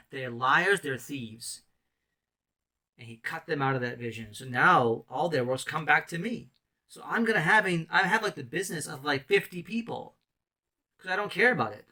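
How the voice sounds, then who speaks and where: A man's voice: medium pitch, bright, forceful tone. A man in ministry giving an impassioned, rambling testimony sermon full of restarts and emotional outbursts. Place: island mission.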